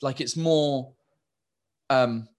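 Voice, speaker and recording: An English man in his thirties talks loosely, starting over and filling gaps as he goes. His voice sits at an ordinary middle pitch. He comes across as a comedian telling stories in a relaxed interview. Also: very slow. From England. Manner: rambling, many restarts and fillers. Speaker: stand-up comedian, guest. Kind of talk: casual interview chat.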